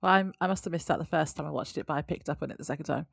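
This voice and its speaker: A woman co-hosting a podcast, chatting casually about a TV episode with quick, giggly asides. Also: sits low, vocal fry, husky, dry recording, clean studio sound. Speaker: podcast co-host. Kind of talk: casual episode recap chat.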